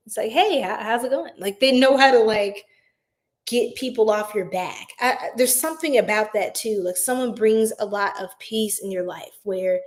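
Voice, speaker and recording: Talking to viewers through her phone, this tarot reader runs a laid-back livestream card reading in a voice on the high side. Her delivery is full of fillers and chatter, and she addresses everyone as "y'all," though the audio quality is poor.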